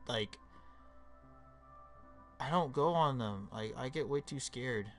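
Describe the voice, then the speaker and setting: A man's voice: medium pitch, slow pace, over music. A young man live-streaming a game, reading chat aloud and joking around with casual swearing.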